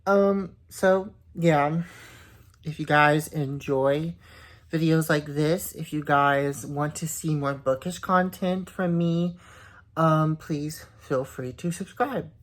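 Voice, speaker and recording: A woman's voice: deep voice, fairly even intonation, slow. A young woman chatting casually on her reading vlog, indignant and swearing, often repeating herself. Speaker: book vlogger.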